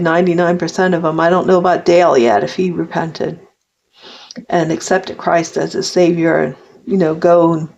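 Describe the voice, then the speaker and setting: In a dull, lo-fi recording, an older woman faces the camera for a heartfelt personal vlog, rambling and often starting her sentences over. Her voice sits on the low side, with a darkish tone and vocal fry. It's a confessional monologue.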